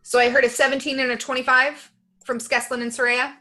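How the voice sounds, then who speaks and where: A woman with a bright, somewhat high voice runs a tabletop role-playing game. She narrates scenes in steady, descriptive detail. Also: fairly quick. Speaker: game master.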